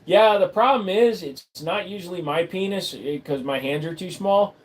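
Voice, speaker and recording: A man hosting a casual livestream from a room at home, answering viewers' questions with blunt, deadpan, crude humor. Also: high voice, moderate pace. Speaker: livestream host. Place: room at home full of computer gear.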